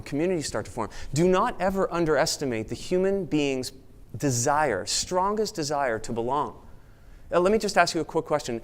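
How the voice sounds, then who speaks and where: A man giving a motivational talk at a networking event, speaking with energy and now and then mimicking excited chatter in a raised voice. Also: fairly high pitch, moderate pace. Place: event room with an audience.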